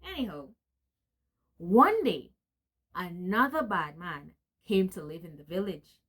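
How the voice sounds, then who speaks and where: A woman storyteller reading a story aloud, animated, who breaks off now and then to chat with viewers. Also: on the low side.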